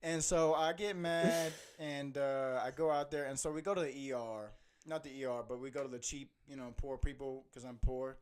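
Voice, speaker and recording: A young man hosting a podcast, telling an animated story with lots of laughing and "bro". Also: mid-range voice, normal speed, smooth. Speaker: podcast host. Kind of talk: casual storytelling chat.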